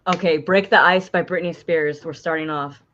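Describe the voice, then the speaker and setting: A woman's voice: sits low, steady tone, moderate pace, fairly bright tone, lo-fi sound. A woman guest in a casual interview, laid-back and giving dry, short answers. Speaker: interview guest, Twitch streamer. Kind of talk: casual chat.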